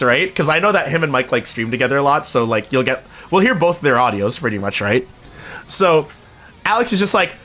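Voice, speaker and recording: Animated young man chatting on stream. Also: fairly high pitch, a little fast. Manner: rambling, animated storytelling with voiced quotes. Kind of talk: casual stream chat.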